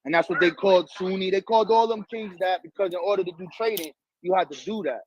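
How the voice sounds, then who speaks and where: A man from the Bronx with a New York accent, co-hosting a casual conversation in an animated, streetwise, profane way. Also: high-pitched, fast talker. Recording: dull lo-fi audio, dry.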